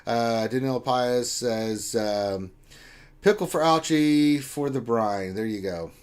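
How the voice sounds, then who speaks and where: A man's voice: medium pitch, slow, smooth. A man co-hosting a casual live stream, reading viewer chat aloud with joking, playful teasing.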